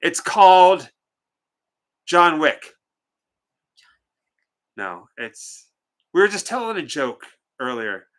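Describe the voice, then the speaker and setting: A man co-hosts a movie watch party livestream, chatting casually, cracking jokes, and reading out viewer names with theatrical greetings. His voice runs on the high side and a bit bright, with a sing-song lilt, a slow pace, and long pauses.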